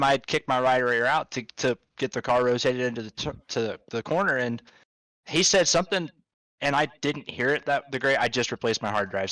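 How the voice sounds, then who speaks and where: A man's voice: medium pitch, a bit bright, no echo, poor audio. A man hosting a casual podcast, rambling through a story and swearing freely.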